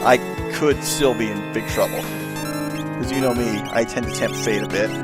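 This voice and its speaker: A man casually commentating on his own gameplay in a relaxed, chatty, self-mocking way. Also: medium pitch, moderate pace. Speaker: let's play host. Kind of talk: let's play commentary. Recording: loud game music behind.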